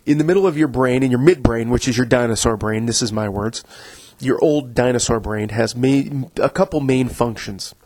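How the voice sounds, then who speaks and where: A man's voice: medium pitch, moderate pace, darkish tone, low-quality recording. A man hosting a podcast, explaining things in a casual, conversational way with frequent restarts. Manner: conversational, full of restarts, acts out inner voices. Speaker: podcast host.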